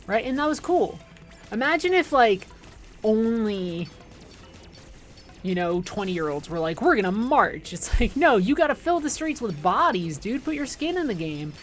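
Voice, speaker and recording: A streamer in her thirties chats casually on a gaming livestream, launching into rambling, sarcastic, profane rants with frequent restarts. Her voice is a little high and sing-song at a measured pace, over soft background music.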